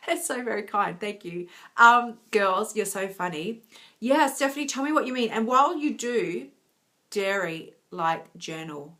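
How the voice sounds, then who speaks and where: A woman's voice: medium pitch, expressive, unhurried, sharp tone. A woman, a health coach chatting casually with viewers on a live stream, laughing often and giving encouraging advice.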